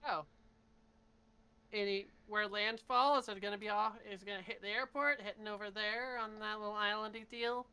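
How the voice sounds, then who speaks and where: A woman's voice: mid-range voice, steady tone, normal speed, pushed and bright, clear, resonant tone. Wry woman playing a tabletop game. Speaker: player. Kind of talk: casual tabletop play.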